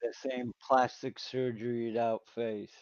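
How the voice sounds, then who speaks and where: A man's voice: medium pitch, little pitch movement, unhurried, darkish tone, smooth, no room sound. A middle-aged man, a day trader, chatting casually and hesitantly with friends over a call. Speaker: day trader on a group stream. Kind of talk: casual banter. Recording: dull lo-fi call audio.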